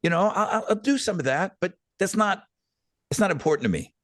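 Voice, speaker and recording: A man's voice: high-pitched, lively intonation, fairly quick, a bit bright, no echo, studio quality. A man in his fifties, co-hosting a podcast in casual chat, telling stories with lots of swearing and stammered restarts. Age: 50s. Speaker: podcast co-host.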